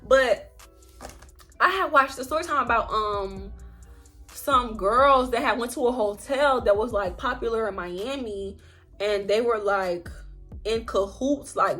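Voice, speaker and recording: A young woman spins a storytime tale in a loose, animated, chatty way, cursing freely as she goes. Her voice sits a little high, with faint music playing underneath. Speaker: vlogger. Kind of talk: casual storytime.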